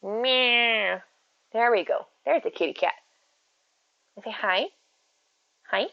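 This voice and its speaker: A woman's voice: on the high side, slow, vocal fry, muffled recording. A woman streaming live from home, chatting casually and answering viewers' messages as she goes. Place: at home with her cats.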